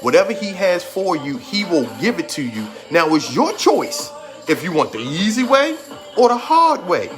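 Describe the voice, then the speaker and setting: A man's voice: high-pitched, big pitch swings, moderate pace. A man in his thirties giving an emphatic, repetitive motivational talk and holding back tears. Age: 30s. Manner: trying to hold back tears. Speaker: motivational speaker. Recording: music playing behind the voice. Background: music.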